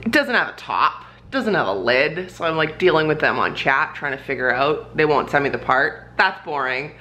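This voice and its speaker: A woman's voice: low voice, lively intonation, moderate pace, sharp tone, a little hiss or hum. A young woman vlogging casually at home, chatting with lots of fillers and frequent laughs. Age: young adult. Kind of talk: casual home vlog chat. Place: home, indoors.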